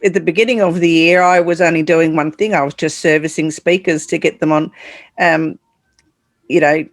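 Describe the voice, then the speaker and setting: A man's voice: fairly high pitch, fairly even intonation, normal speed, dry recording. A man hosting a casual conversation, who speaks hesitantly and restarts his sentences. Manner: hesitant, many fillers and restarts. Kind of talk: casual chat.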